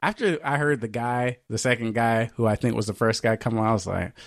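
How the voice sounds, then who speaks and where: A man's voice: mid-range voice, fairly quick, few pauses, dry recording. Profane man telling a story dry. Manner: animated, profane, acts out quoted voices. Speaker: podcast co-host. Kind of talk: casual storytelling chat.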